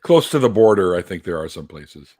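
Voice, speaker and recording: A man with a West Coast Canadian accent hosting a casual live-stream chat, relaxed and chatty. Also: low voice, brisk, a crowd in the background. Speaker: host.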